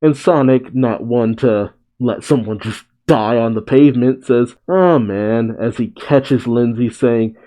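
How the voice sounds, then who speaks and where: A man's voice: medium pitch, fairly even intonation, a little slow, hardly any pauses, dark tone, poor audio. A man casually reading a comic aloud, dropping chatty asides between the lines. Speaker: comic reader.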